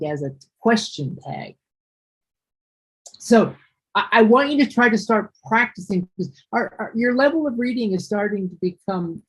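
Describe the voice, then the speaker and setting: A woman's voice: medium pitch, husky, poor audio. A woman teaching English one-on-one, explaining patiently and going back over her words. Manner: patient, explains slowly with repeats and restarts. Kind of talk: one-on-one online ESL lesson.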